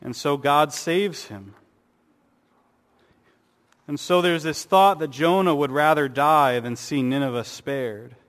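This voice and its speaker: A man's voice: on the high side, slow pace, pauses often, a bit bright. A man preaching a sermon, earnest, with rhetorical questions and sarcastic asides. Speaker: pastor. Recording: long hall reverb.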